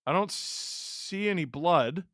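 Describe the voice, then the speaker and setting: Hockey streamer guy, high bright voice, ranting and heckling the refs, dry close sound. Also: slow, dry recording. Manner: excitable, ranting at the referees; sarcastic, heckling. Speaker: streamer hosting a live hockey watch-along. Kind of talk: live play-by-play reaction.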